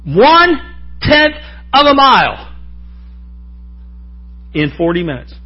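A man's voice: very high-pitched, huge pitch swings, slow, breathy edge, muffled recording. A man preaching a sermon in a folksy, joking way, often calling out to the congregation for an amen. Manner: folksy, joking, asks the crowd for amens.

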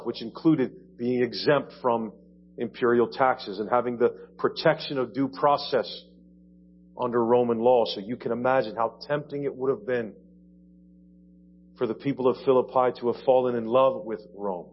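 A man from Ohio preaching a sermon in a church, explaining with conversational asides. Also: medium pitch. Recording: dull lo-fi church audio, faint hum.

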